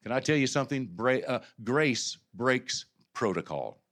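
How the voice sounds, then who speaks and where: A pastor preaching a sermon, with a bright, forceful tone. He talks low and conversational, then climbs into loud, impassioned preaching, stumbling and restarting along the way. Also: very animated, unhurried. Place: church sanctuary.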